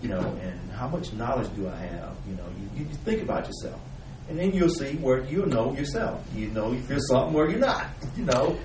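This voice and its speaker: A man joining an informal Bible study discussion, halting and repeating himself with many "you know"s. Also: medium pitch, very animated, recorded from a distance, background noise. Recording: echoey room, voice from across it.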